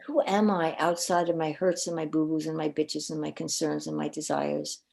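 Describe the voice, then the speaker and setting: A woman's voice: sits low, moderate pace, vocal fry. A woman guest on a podcast, a coach and minister, telling personal stories earnestly and animatedly, often repeating words as she goes. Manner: earnest, animated storyteller with frequent word repeats. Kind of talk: personal storytelling in a podcast interview.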